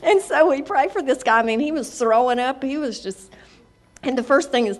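A woman's voice: high-pitched, lively intonation, a little fast. A woman telling a church testimony in a chatty, casual way, laughing as she talks. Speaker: church member sharing a testimony.

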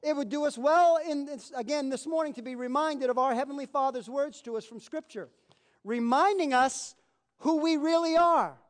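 A man's voice: very high-pitched, moderate pace. A man preaching a sermon as pastor, folksy and emphatic, leading his congregation to repeat declarations after him. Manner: leads congregation in call-and-response declarations.

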